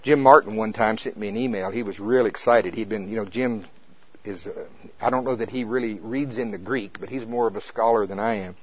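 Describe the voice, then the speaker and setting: A man preaching a sermon, telling a vision story with lively swings between loud and hushed delivery, on a dull, dry, lo-fi recording. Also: lowish voice, fairly quick, husky.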